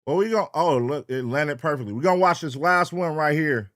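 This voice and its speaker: A young man hosts a late-night livestream as a reaction host, loose and profane, calling out chat names in a sing-song way. His voice is a little high, a bit bright, and a little fast, with faint hip hop music playing behind him.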